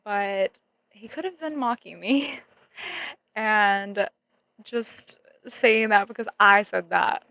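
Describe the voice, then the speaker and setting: A young woman vlogger telling a story in a casual, animated way, giggling often and saying "like" a lot. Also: mid-range voice, slow pace, gravelly, dry recording. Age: young adult.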